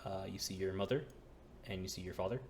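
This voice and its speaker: A man's voice: deep voice, quick pace, slight background noise. A man narrating a tabletop game as dungeon master, laid-back with lots of fillers.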